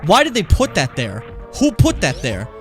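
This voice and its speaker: A male game streamer talks off the cuff to his chat, rambling and swearing freely as he plays. His pitch jumps around a lot, rising and dropping as he talks. Faint game music plays behind him. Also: moderate pace. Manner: animated, profane, rambling. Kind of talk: casual live-stream commentary.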